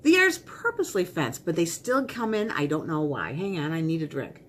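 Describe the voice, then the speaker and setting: A woman's voice: deep voice, big pitch swings, normal speed, fairly bright tone, a little hiss or hum. A middle-aged woman chatting casually as she unboxes and tries on makeup, rambling and talking to herself. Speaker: beauty vlogger.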